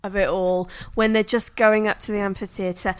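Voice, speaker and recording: A woman's voice: mid-range voice, level tone, normal speed, clean tone. A woman co-hosting a casual film chat, theatrical and playful. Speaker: podcast co-host.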